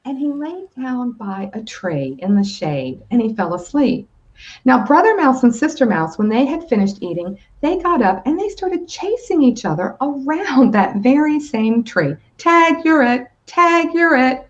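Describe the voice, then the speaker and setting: A woman telling a children's story as a guest on a video call, lively and inviting the listener to join in. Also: fairly high pitch, normal speed, muffled recording.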